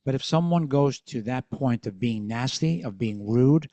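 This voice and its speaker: A man's voice: mid-range voice, animated, moderate pace, warm tone. A middle-aged man hosting a podcast, talking in a frank, reassuring and reflective way. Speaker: podcast host. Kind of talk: conversational interview.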